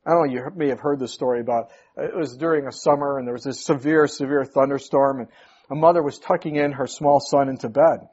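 A man's voice: medium pitch, fairly even intonation, fairly quick, darkish tone. A male pastor preaching a sermon, emphatic, his voice rising sharply on key points. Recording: muffled lo-fi recording.

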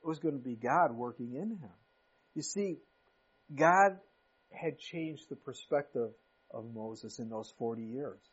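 A man's voice: medium pitch, measured pace, breathy edge. A pastor in his fifties preaching a sermon in a conversational way, with sudden emphatic rises. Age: 50s. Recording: muffled lo-fi recording.

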